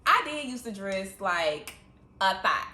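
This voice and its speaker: A woman's voice: mid-range voice, sing-song, measured pace, bright, forceful tone, echoey room, slight background noise. A woman co-hosting a casual podcast, candidly telling personal stories and laughing easily. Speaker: podcast co-host. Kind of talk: casual chat.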